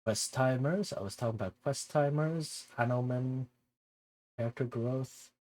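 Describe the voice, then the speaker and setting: A man's voice: medium pitch, unhurried, darkish tone. A young man streaming a game, rambling casually and laughing at his own forgetfulness. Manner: rambling, self-deprecating, laughs easily. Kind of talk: casual gameplay commentary.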